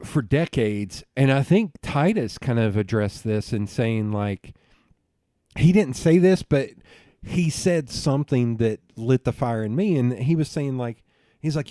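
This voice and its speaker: A man's voice: medium pitch, animated, a little slow, mellow, no echo, clean studio sound. A man from Tennessee with a Southern accent, hosting a podcast and talking politics in a blunt, heated way, swearing freely. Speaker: podcast host. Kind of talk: casual political chat.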